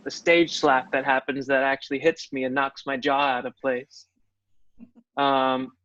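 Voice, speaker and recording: A man's voice: medium pitch, fairly bright tone, no room sound. A man who is an actor, telling stories in a reflective way as a guest in a casual interview. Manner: reflective storytelling. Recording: dull, dry audio.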